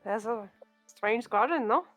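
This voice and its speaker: A woman's voice: a little high, animated, a little slow, a bit bright, faint music behind, voice pushed up. A woman putting on a flustered young French lady. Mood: curious. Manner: apologetic and hesitant.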